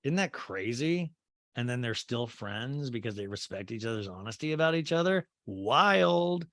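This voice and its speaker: Sarcastic male podcast host for a comedy recap. Animated, lively delivery, dry close mic. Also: medium pitch, no echo. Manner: sarcastic, quick to slip into character voices.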